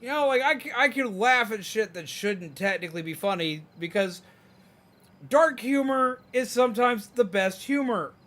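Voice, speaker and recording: In a high voice at normal speed, a young gamer rants candidly on his livestream. He curses freely and mimics people in mocking voices, keeping the rant casual and animated.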